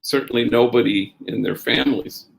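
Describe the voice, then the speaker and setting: Gravelly-voiced man telling a story. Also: medium pitch, moderate pace. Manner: tells stories with Spanish slang phrases mixed in; quotes others in a raised, lively voice. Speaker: priest and speaker. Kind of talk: storytelling talk.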